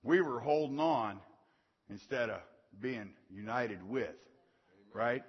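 A man preaching a sermon in a folksy call-and-response style, swelling into shouted emphasis. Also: medium pitch, animated, slow, husky. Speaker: pastor. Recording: dull sound with long reverb in a large hall.

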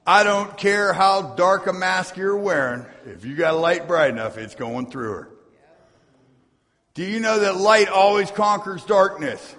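A man's voice: high-pitched, unhurried, fairly bright tone. A man preaching a sermon as pastor, reading scripture aloud and tossing asides to his congregation in a church sanctuary. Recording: long hall reverb.

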